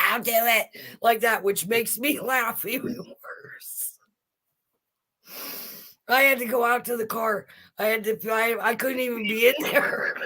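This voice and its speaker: A middle-aged woman telling a family story in casual chat, animated and laughing as she goes. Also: a little high.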